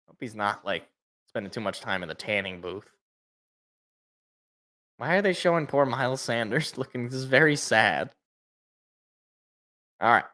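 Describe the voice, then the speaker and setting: A man's voice: medium pitch, sharp tone. A young man giving casual fan play-by-play and reaction, rambling and correcting himself, with joking asides. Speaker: fan podcast co-host.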